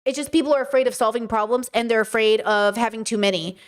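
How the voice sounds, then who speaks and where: A woman with a bright, high voice streams live commentary, talking straight to her chat. She is emphatic and casual and piles up rhetorical questions. She often lands on the same point twice. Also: fast. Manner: casual, addresses viewers as girlies. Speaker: streamer reacting to videos. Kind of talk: livestream commentary.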